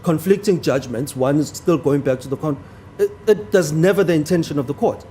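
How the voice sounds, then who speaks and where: A man's voice: fairly high pitch, brisk, mellow, slight background noise. A man arguing a legal point before a judge in a courtroom, formal and deferential to the bench, stressing key words. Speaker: advocate.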